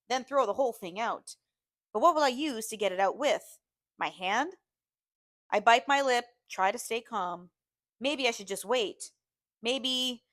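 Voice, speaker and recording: A woman teacher reading a novel aloud to her class, steady and expressive. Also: a little high, no room sound, studio quality.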